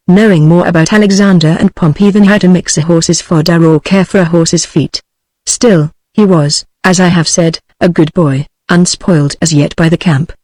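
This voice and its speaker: A text-to-speech woman's voice with a British English accent, reading a classic novel aloud at an even, steady cadence. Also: fairly low pitch, dry recording, rough recording. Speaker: audiobook narrator.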